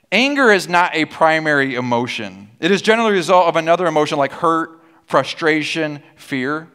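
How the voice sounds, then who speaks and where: A man's voice: fairly high pitch, a bit bright, smooth. A man preaching a sermon as pastor, with a sarcastic, humorous storytelling manner and call-and-response with the congregation. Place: church auditorium.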